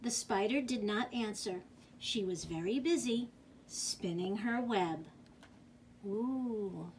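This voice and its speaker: A woman librarian leading a children's storytime, reading a picture book aloud gently and expressively, then showing a craft. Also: mid-range voice, measured pace, slight background noise. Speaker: youth services librarian.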